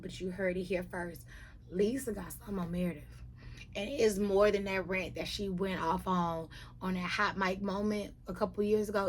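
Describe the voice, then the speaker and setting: A woman's voice: medium pitch, a little hiss or hum. A woman giving a sassy, slangy, emphatic recap of a reality TV episode. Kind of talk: casual recap commentary.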